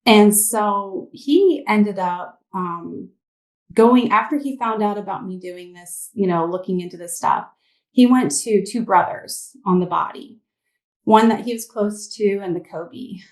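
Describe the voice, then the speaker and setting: Woman guest, candid personal testimony, mid pitch, echoey room. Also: measured pace. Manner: candid, rambling with fillers. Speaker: interview guest.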